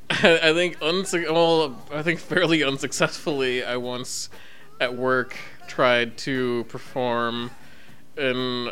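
Bright, laughing young man chatting. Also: medium pitch, flat delivery, slow pace. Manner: laughs a lot, swears, rambles with lots of "like". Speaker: podcast co-host. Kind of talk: casual chat.

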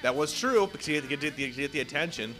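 A young man co-hosting a casual chat about a TV show, excitable and profane, often jumping into quoted voices. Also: fairly high pitch, rapid-fire, soft background music. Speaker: podcast co-host.

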